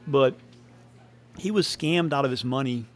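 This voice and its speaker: A man's voice: medium pitch, a little slow. A man co-hosting a podcast, rambling through a story in casual chat and laughing often. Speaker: podcast co-host.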